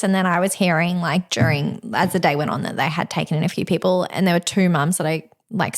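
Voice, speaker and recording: A woman, co-hosting a podcast and telling a story in casual chat, laughing often. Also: on the low side. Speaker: podcast co-host.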